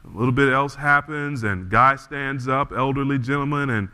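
Male pastor, animated sermon storytelling, bright forceful voice, long church reverb. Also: medium pitch, normal speed, clear, resonant tone. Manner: animated storyteller, frequent restarts.

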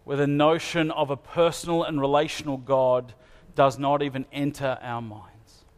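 A man's voice: medium pitch, little pitch movement, normal speed, clean tone. A man preaching a sermon in an earnest manner, asking his listeners searching questions. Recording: long hall reverb.

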